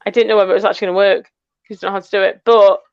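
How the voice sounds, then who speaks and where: A woman's voice: medium pitch, flat delivery, racing, a little mellow, clean tone, dry recording, dull audio. An English woman co-hosting a casual live chat, teasing her friend and reading out viewer comments. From England. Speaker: co-host of a metal detecting channel.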